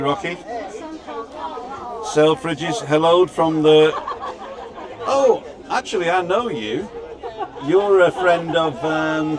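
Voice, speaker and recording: A slightly high-voiced British man chats his way through a livestream outdoors, greeting viewers one by one and adding dry little remarks. A busy crowd murmurs clearly around him on the street. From Britain. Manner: chatty, greets viewers by name, wry asides. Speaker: livestream host. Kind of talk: casual live chat, reading out viewer comments.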